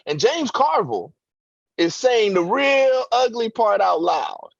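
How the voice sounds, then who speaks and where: A man's voice: high-pitched, big pitch swings, slow, vocal fry, no room sound, dull audio. A man giving impassioned political commentary as a radio guest, with emphatic, preacher-like rhetoric.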